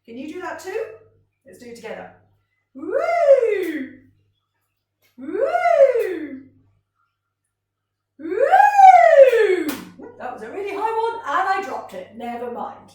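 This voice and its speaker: A woman music teacher leading a gentle, encouraging vocal warm-up lesson for children, in a sing-song way. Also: high voice, sing-song, fairly quick, distant mic. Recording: roomy sound from off-mic.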